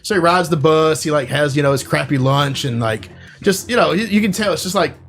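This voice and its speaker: A man's voice: fairly high pitch, brisk, fairly bright tone, soft background music. A man co-hosting a podcast, casually retelling a movie plot in a rambling way, full of "like" and "you know.". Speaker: podcast co-host.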